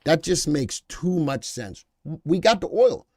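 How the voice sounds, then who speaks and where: A man's voice: on the high side, sing-song, measured pace, mellow. A middle-aged man hosts a live market stream, reading headlines and talking back to his chat in an off-the-cuff, emphatic way. His voice jumps up when he drives a point home, then settles back down. The sound is close and dry, with no room echo. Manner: reads headlines aloud, then talks back to viewers in chat. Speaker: live stock market show host.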